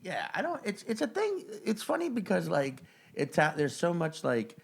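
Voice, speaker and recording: A man's voice: high voice, normal speed, gravelly. A man co-hosting a comedy podcast in loose, joking conversation, riffing and breaking into silly voices. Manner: animated, joking, riffs in silly put-on voices. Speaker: podcast co-host. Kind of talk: casual comedy chat.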